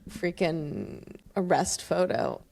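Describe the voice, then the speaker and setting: A woman's voice: lowish voice, takes it slowly, vocal fry, dark tone. A woman co-hosting a podcast in casual chat, talking animatedly and laughing often. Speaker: podcast co-host.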